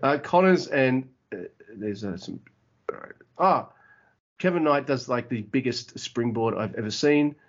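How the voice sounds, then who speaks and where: A man with an average-pitched voice recaps a match for a podcast, casual and full of uhs and likes. He curses cheerfully when something impresses him. The sound is dull and lo-fi. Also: lively intonation, unhurried. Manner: enthusiastic, filler-heavy, swears casually. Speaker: podcast co-host.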